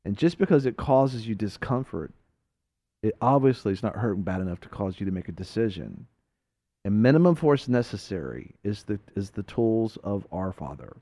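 A man hosting a talk show, telling a folksy story and preaching in an animated, laughing way. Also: fairly low pitch, normal speed, no room sound.

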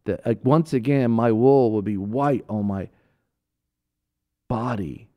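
A repentant sheep, ashamed of its sin and pleading earnestly in slow, stretched-out words, as a man puts it on. It is told as a spoken parable. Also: medium pitch, dry recording, lo-fi sound, natural voice.

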